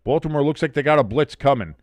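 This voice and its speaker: A man's voice: on the high side, fast, dry recording. Man calling a game live on stream. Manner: animated, bursts of excitement on big plays; swears casually. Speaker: watch-along host. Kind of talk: live play-by-play commentary.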